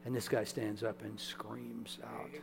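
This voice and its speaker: A man preaching a sermon in a relaxed, conversational storytelling way, often checking in with his listeners. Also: medium pitch, measured pace, creaky. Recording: echoey hall with mains hum.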